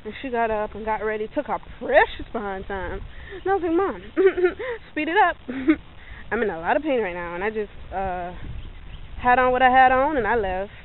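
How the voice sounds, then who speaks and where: A young woman telling a story in a casual vlog, animated, acting out what people said and laughing often, filmed on a handheld phone. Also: fairly high pitch. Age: young adult. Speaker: vlogger. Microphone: phone held in hand. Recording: tinny phone-like audio, faint noise.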